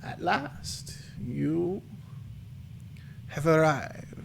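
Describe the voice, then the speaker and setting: A stooped old fortune-teller woman speaks in a dry, crackling voice, high and hushed, as a man puts her on. Her words come slow and cryptic. A faint hiss sits under the recording. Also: animated, creaky, heavily acted.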